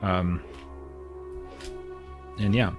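Low-voiced man running a tabletop game. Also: steady tone, extremely slow, over music. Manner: loose, meandering descriptions with many fillers. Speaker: game master.

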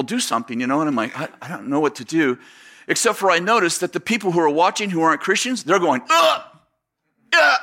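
A male pastor telling a story from the pulpit, jumping into quick impressions of the people in it and tripping over his own restarts. His voice sits fairly high and sounds bright and forceful. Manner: animated storyteller acting out dialogue, many fillers and restarts. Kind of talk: sermon with storytelling.

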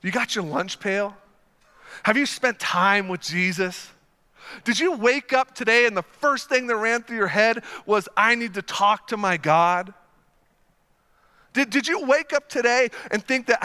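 A young man preaching a sermon, telling a story with energy and swinging from quiet asides to loud excited bursts. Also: extremely high pitch, big-room sound. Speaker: pastor.

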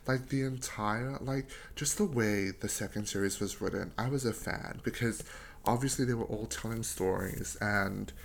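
Young male podcast host, low gravelly voice, unhurried delivery, gushing and slangy with lots of cursing. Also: a little hiss or hum. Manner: gushing and slangy, heavy on fillers and swearing. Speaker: podcast host reviewing books. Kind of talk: casual solo podcast review.

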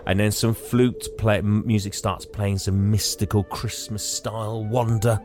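An English man hosting a podcast, retelling a film with lots of laughter and animated storytelling. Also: lowish voice, measured pace, faint music behind. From England. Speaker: podcast host. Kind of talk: casual chat, retelling a film.

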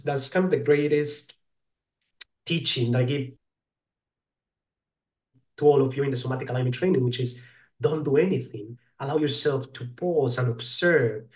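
A man, a guest teacher, explaining his work in an interview in a thoughtful, halting way, searching for his words. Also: mid-range voice, a little mellow. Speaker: guest, somatic alignment teacher. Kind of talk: reflective interview talk. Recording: roomy echo.

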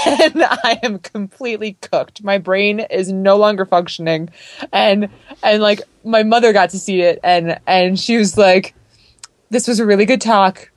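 A woman co-hosting a podcast in casual chat, animated and laughing often as she tells stories. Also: medium pitch, a little slow, no room sound. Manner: animated, laughs often, acts out quoted voices. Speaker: podcast co-host.

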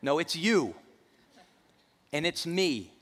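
A man's voice: on the high side, very animated, slow, a bit bright, long reverb tail. A male pastor preaching a sermon in a church, emphatic and repeating key phrases.

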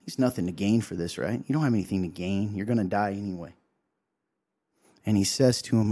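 With a lowish, mellow voice and a fairly quick delivery, a male co-host offers a devotional. He speaks emotionally in a sermon style, earnestly voicing quotes and often tossing in "right?".

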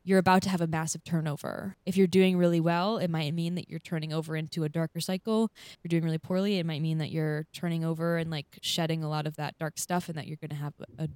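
Lower-voiced woman in chatty podcast talk. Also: steady tone, fast talker, darkish tone, clean tone, no echo. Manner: chatty, upbeat, laughs often, explains at length. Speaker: podcast co-host. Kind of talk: casual chat.

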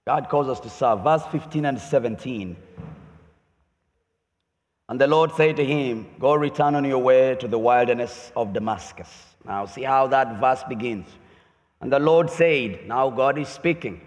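A man preaching a sermon as pastor, lively and emphatic, often voicing pointed questions. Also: medium pitch, unhurried. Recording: long hall reverb.

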